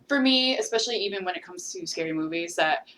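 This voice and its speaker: A young woman guesting on a casual gaming podcast, giving relaxed opinions full of "like" and "I mean". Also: lowish voice, fast talker. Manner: relaxed, filler-heavy opinions.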